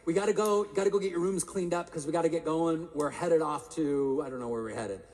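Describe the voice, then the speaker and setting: A rushed wife hurrying the family to get going, as a man quotes her in a slightly raised, gravelly voice. A big hall echoes around the words. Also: a little high, a little mellow, natural voice. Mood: hurried. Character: hurried wife rushing the family out.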